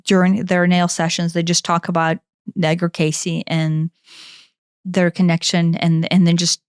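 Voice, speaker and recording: A woman's voice: fairly low pitch, a little slow, clear, resonant tone, no room sound, clean studio sound. Chatty woman telling a story. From Kentucky, USA. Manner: animated, rambling, with frequent restarts and "like". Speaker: podcast co-host. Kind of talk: casual storytelling chat.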